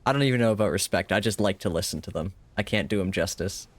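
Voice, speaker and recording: A man's voice: lowish voice, fast, no echo. A man casually commenting on a game during a live stream, joking wryly, swearing freely and talking back to the characters.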